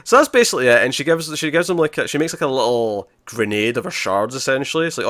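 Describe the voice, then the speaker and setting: A man's voice: mid-range voice, animated, fast talker, fairly bright tone, no room sound, studio quality. A man hosting a podcast, chatting casually and animatedly as he recaps TV episodes, laughing often. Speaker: podcast host.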